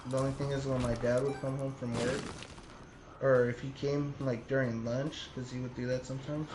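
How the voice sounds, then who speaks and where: A young man in his early twenties tells loose, rambling stories in casual chat, swearing freely as he goes. The room is roomy and echoey, with a clear layer of steady noise behind him. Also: medium pitch, normal speed. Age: 20s. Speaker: streamer.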